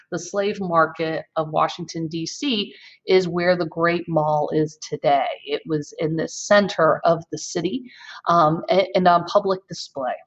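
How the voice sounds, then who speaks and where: A woman teaching history in a recorded slide lecture, explaining in a measured way with occasional ums. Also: fairly low pitch, muffled recording.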